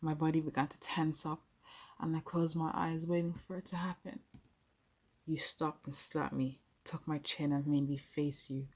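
A woman's voice: sits low, flat delivery, normal speed, darkish tone, slightly rough. A young adult woman telling an intimate first-person role-play story, playful and speaking straight to the listener.

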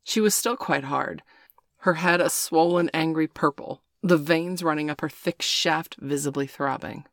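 A woman with a low, deep voice reads an erotic story aloud. Her narration is steady and unhurried. The sound is dry and close to the mic. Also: no room sound.

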